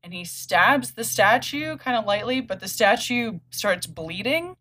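A woman's voice: medium pitch, a little slow. A woman casually recapping a comic story on a podcast, acting out the characters' lines with laughs. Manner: animated retelling, acts out characters' lines with laughs. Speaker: podcast host.

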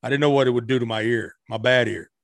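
A man's voice: mid-range voice, fairly even intonation, quick pace, creaky, no echo, studio quality. A middle-aged man telling stories as a guest musician in a casual interview, rambling with frequent restarts.

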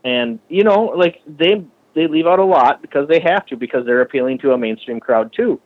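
A man from the Minneapolis area who runs a shop and builds bikes, talking casually and with lots of swearing, often acting out other people's lines in a higher voice. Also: expressive, a little fast, muffled recording. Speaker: shop owner and bike builder. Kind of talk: casual podcast conversation.

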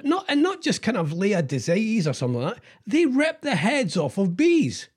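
Rambling radio host, husky voice. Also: male voice, sits high, wildly swooping pitch, a little mellow. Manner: rambling, halting with many fillers. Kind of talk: jokey morning radio banter.

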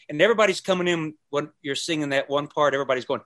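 A man's voice: on the high side, fast talker. A man who is a podcast guest, telling stories in a casual conversation and acting out the people he quotes. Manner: animated storyteller who acts out quotes and sings snippets.

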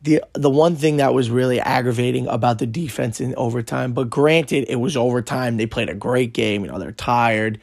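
Gravelly, excitable man recounting a game. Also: mid-range voice, normal speed, hardly any pauses, no echo, clean studio sound. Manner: excited, swears often, many fillers. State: voice worn out from shouting. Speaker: podcast host. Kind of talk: casual storytelling.

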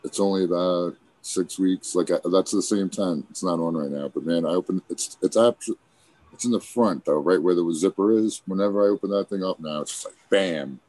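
A slangy man with a drawl in casual podcast chat. His voice sits very deep. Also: fairly quick, a little mellow, no echo, rough recording. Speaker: podcast co-host.

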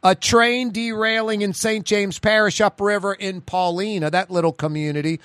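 A man's voice: sits high, fairly even intonation, normal speed, fairly bright tone, smooth, no room sound, clean studio sound. A man with a New Orleans accent hosting a radio talk show, rambling through stories and news. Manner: rambling, chatty, digressive. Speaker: radio host.

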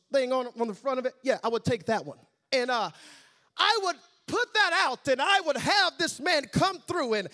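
Man playing a boastful scheming advisor, fussy, rambling, high-pitched. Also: a bit bright. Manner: rambling, self-important, fussy over details.

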